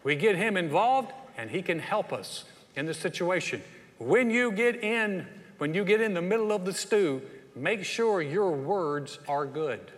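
A Southern pastor preaching in a folksy, animated style, his voice sitting fairly high for a man. His Southern accent comes through as he keeps asking the room questions. His voice trails off into the long reverb of a large hall. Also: a little slow. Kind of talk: sermon.

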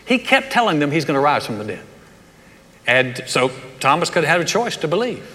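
A man delivers a sermon with a bright, forceful voice that sits a little high. He tells the story casually and animatedly and slips in jokes. The recording has the long reverb of a hall. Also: brisk. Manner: conversational, animated storytelling with humor. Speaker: pastor.

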